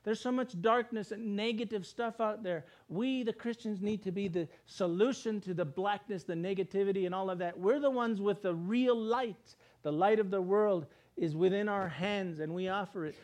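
A man with a high-pitched voice preaching a sermon. He talks in a casual, emphatic way and often slips into quick acted voices for the people in his stories. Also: a little mellow. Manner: conversational, emphatic preaching with plain everyday words.

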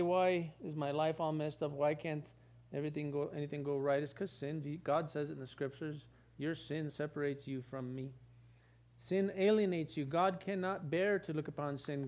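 A man's voice: fairly high pitch, a little mellow. A man preaching a sermon as pastor, driving points home with repeated phrases. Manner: preaching with rising emphasis and repetition.

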